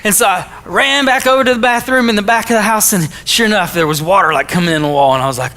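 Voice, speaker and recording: A man from Arkansas, giving a jokey, animated storytelling talk to a school audience. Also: sits high, quick pace, few pauses. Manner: animated, jokey, acts out his own quotes. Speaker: motivational speaker.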